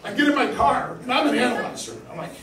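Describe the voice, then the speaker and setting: A man's voice: very high voice, expressive, quick pace, heavy background noise. An older man doing a crude, self-deprecating stand-up set on a comedy club stage. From New York. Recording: roomy live club sound from a distance. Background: laughing audience.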